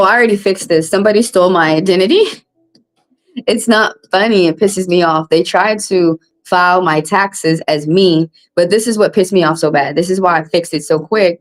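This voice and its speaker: A woman, a tarot reader hosting a live stream, venting bluntly and with plenty of swearing to her viewers. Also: rough recording. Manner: blunt and profane, vents with rising pitch.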